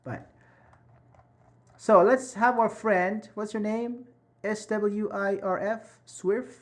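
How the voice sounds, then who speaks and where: A man's voice: high-pitched, steady tone, takes it slowly. Encouraging man teaching English online. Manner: encouraging, repeats and rephrases points. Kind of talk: live online grammar class.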